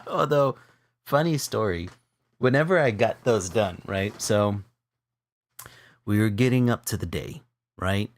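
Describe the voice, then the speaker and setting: Co-hosting an art stream, a man with a voice on the low side tells a funny personal story in a relaxed chat, laughing often. His voice jumps up at the exciting parts. The recording is dry and close, with no echo or sense of room.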